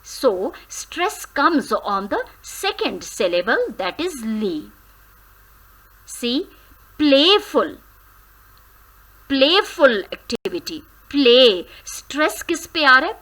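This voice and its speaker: Slow, bright-voiced woman teaching grammar. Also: high voice, sing-song, low-quality recording. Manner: slow, careful syllable-by-syllable drilling; switches briefly into Hindi. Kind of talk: grammar lesson.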